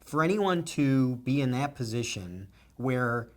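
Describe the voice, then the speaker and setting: A man's voice: mid-range voice, lively intonation, a little slow, a little mellow. A businessman answering interview questions in an earnest, emotional, stream-of-consciousness way.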